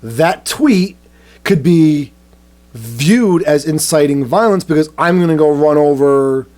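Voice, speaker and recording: A man's voice: on the high side, animated, takes it slowly, a little mellow. A man co-hosting a casual satirical podcast, reading news aloud and mocking it in a crude, sarcastic way. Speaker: podcast co-host.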